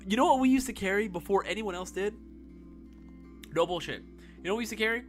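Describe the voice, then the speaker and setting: A man's voice: on the high side, fast, fairly bright tone, faint music behind. A young man hosting a casual live-stream Q&A, swearing freely and laughing often. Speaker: live stream host answering viewer questions.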